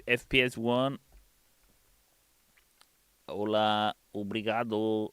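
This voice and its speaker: A man's voice: on the low side, unhurried, sharp tone, smooth, dry recording. A man hosting a game livestream, casually reading chat messages aloud and answering them from a studio. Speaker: game stream host.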